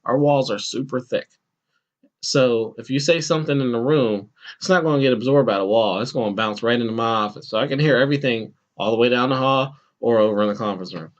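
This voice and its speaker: A man in the middle register tells a workplace story on his podcast with a loose, conversational flow. He swings into the voices of the people he quotes, jumping up in pitch for their lines. The recording is slightly dull and lo-fi. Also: fast talker. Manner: animated, acts out quoted voices with bursts of pitch. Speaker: podcast host. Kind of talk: casual storytelling chat.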